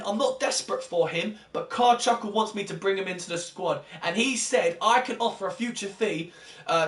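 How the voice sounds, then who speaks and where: Exasperated young gamer, high voice. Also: male voice, echoey room, far from the mic. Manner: exasperated, chatty, addresses viewers as guys. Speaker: gaming YouTuber. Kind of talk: gameplay commentary.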